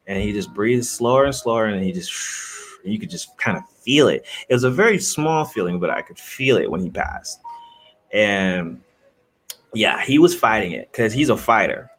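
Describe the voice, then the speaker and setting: A man who makes videos, talking casually and softly to his viewers in a rambling way, with lots of fillers and restarts. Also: on the low side, animated, moderate pace. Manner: rambling, soft-spoken, frequent fillers and restarts. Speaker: video creator. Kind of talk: casual livestream chat.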